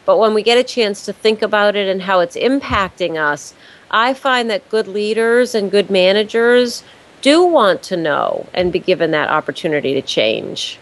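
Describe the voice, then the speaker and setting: A woman consultant giving interview answers in an orderly, step-by-step way. She leans on key words, repeating them for emphasis, at an ordinary middle pitch. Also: animated, normal speed, low-quality recording. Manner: structured, explains step by step. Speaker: business consultant.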